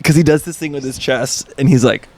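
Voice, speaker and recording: A man with a middle-pitched voice co-hosting a casual comedy podcast. He jumps in with quick, teasing questions and jokes. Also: a little mellow. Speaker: podcast co-host.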